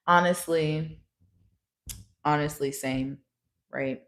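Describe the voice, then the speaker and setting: Woman, tarot reader, casual chat, lower voice, blunt, slangy, laughs a lot. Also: moderate pace. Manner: frank, chatty and laughing, with casual swearing and slang.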